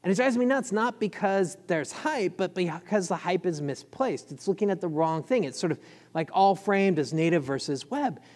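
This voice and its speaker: A man giving a conference talk, quick and excited, with lots of fillers. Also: high voice. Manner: fast, enthusiastic, filler-heavy. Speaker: conference speaker. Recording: long hall reverb.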